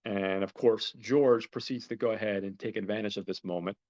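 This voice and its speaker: A man's voice: fairly low pitch, fairly even intonation, fairly quick, a little mellow, highs cut off. A man hosting a podcast, recapping a film in a rambling, chatty way and talking straight to his listeners. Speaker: podcast host.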